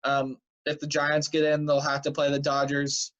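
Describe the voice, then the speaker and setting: A man with a slightly high voice recaps the week's games in a chatty, rambling way, full of fillers. He sounds tired. The sound is dull and lo-fi, like a cheap home recording. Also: completely flat delivery, moderate pace, fairly bright tone. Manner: chatty, filler-heavy, offhand predictions. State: tired and yawning. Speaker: sports show host. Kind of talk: casual sports news recap.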